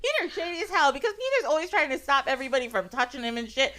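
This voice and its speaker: A woman's voice: sits high, rapid-fire, few pauses, fairly bright tone. A woman hosting a podcast in casual chat, laughing often and swearing as she retells stories in quoted voices. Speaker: podcast host.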